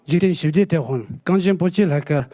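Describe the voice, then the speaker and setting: High-voiced man giving a formal address. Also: a little fast, warm tone, no room sound. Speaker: community leader.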